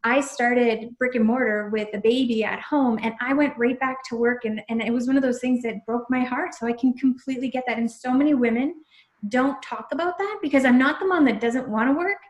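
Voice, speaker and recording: A woman's voice: a little high, brisk. A woman hosting an interview, affirming and summarizing what her guest said. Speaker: host. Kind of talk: interview chat. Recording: echoey room.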